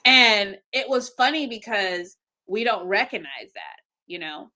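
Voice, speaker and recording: A middle-aged woman hosts a relaxed family podcast chat with a crisp, bright tone. She tells her stories with lively energy, jumping into voices for the people she quotes. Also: medium pitch, a little slow. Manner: animated storyteller, acts out quotes. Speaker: podcast host. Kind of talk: casual chat.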